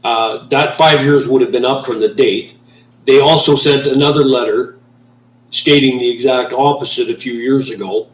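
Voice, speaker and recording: A man from Canada vents in a heated, profanity-laced rant, circling back over the same points. His voice sits at an ordinary middle pitch and sounds a little off the mic. The room around him is noticeably echoey. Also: fairly even intonation, moderate pace, distant mic, slight background noise. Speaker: vlogger. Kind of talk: angry ranting monologue.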